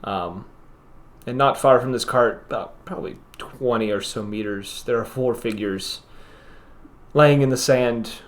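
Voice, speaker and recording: Male game master, mid-pitched, describes scenes in a halting, filler-laden way. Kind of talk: narrating a tabletop game.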